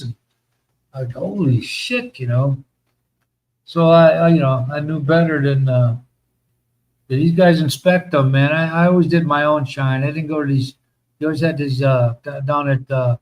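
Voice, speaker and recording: A man's voice: medium pitch, highs cut off. A middle-aged man from the United States, hosting a casual chat and telling long, profane army stories with many fillers. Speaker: host.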